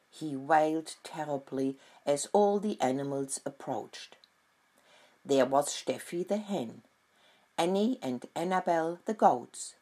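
Low breathy lady reading a bedtime animal story, slow, voice rises and falls a lot. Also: warm tone. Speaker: narrator. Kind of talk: children's story narration.

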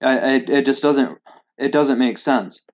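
Man, hesitant commentary, fillers and restarts, reads quotes aloud, mid pitch. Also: a little slow. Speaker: video host. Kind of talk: critical commentary on an article.

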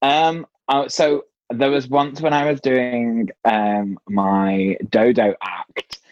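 A man's voice: mid-range voice, fairly even intonation, slow pace, darkish tone, dull audio. A man, a drag performer, chatting casually on a panel and laughing through his stage stories.

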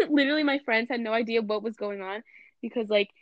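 A young woman with a fairly high voice tells a rambling story, giggling and packing her speech with "like." The sound is a bit dull and muffled. The recording is close and dry. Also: fairly quick, dry recording. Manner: giggly, lots of fillers like "like". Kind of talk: casual storytelling chat.

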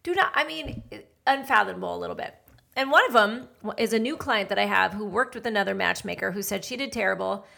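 A woman's voice: medium pitch, animated, fast, vocal fry, sharp tone. A middle-aged woman, a matchmaker hosting a podcast, giving blunt, feisty dating advice in a chatty monologue.

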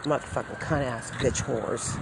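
A woman's voice: extremely low pitch, fairly even intonation, a little slow, creaky, very noisy. Woman, 40s, bitter furious rant outdoors by a busy street. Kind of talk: angry rant vlog.

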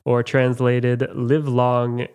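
A man's voice: medium pitch, completely flat delivery, drawn-out words, darkish tone, smooth. A man hosting a casual trivia quiz, reading out questions and joking about himself, with many fillers. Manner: reads questions, chatty and self-mocking, many fillers. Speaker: quiz host.

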